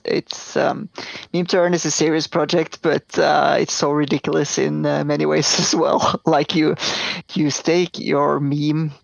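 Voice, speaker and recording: A man's voice: fairly high pitch, flat delivery, unhurried, gravelly, no echo, low-quality recording. A man co-hosting a casual online voice chat, who is easily amused and laughs often. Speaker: co-host.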